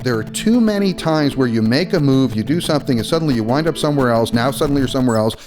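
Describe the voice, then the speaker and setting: A man recounts his past in a documentary interview, thoughtful and confessional. His pitch is middling. Music runs clearly underneath. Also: animated, fast. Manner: reflective, confessional. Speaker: former game designer.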